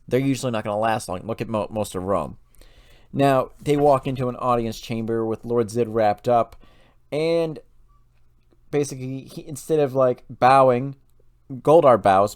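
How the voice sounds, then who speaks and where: A man's voice: medium pitch, moderate pace, a little mellow, no echo. Man, lore channel host, casual retelling, dry close sound, fillers and restarts.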